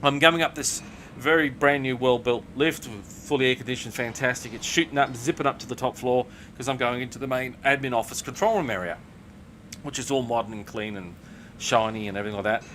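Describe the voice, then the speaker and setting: A man's voice: medium pitch, brisk, a bit bright, a little hiss or hum. An Australian man streaming a video game, telling a long profane story with fillers and restarts. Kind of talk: casual storytelling while gaming.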